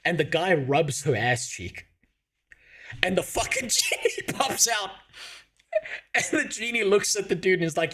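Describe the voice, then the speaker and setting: A man's voice: high voice, unhurried, pauses often, husky. A young man telling a crude comic story at home on a stream, swearing often and laughing as he goes. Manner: profane, laughing, animated.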